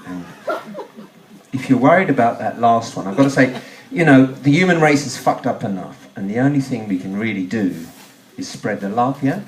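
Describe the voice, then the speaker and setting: A man's voice: medium pitch, expressive, moderate pace, darkish tone, slight background noise. A man performing rambling, self-mocking stand-up comedy on a club stage. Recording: echoey club, mic from far off.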